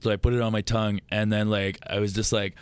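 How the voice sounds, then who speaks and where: Guy guesting on a podcast, fairly low voice, swears freely, animated. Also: fast, clean tone. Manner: profane, animated storyteller. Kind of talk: casual storytelling.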